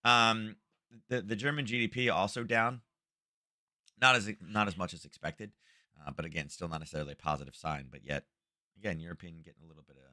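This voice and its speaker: A man's voice: lowish voice, pushed and bright, no room sound, clean studio sound. A middle-aged man hosting a live trading show from home, giving casual market commentary in a chatty, rambling way full of fillers and restarts.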